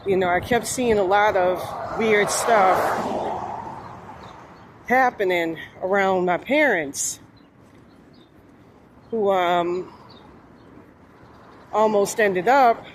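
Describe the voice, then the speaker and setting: A woman's voice: mid-range voice, very slow, pauses often, slight background noise. Rambling New woman vlogging. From New Orleans, USA. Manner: rambling, meandering, frequent fillers. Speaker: spiritual vlogger. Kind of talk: casual monologue.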